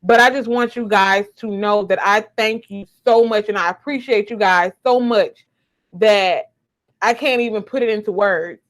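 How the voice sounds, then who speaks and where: A woman's voice: medium pitch, normal speed. Chatty woman on a webcam. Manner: chatty, emotional, repeats herself. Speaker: YouTuber. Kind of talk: casual live stream chat. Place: home. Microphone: webcam or phone.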